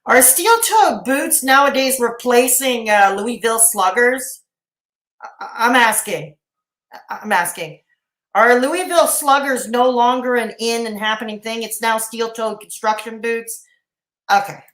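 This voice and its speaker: A woman's voice: on the high side, a little slow, fairly bright tone, echoey room, rough recording. A woman doing casual reaction commentary, mocking and sarcastic, with laughing asides while she reads chat. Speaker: commentary streamer reacting to a video.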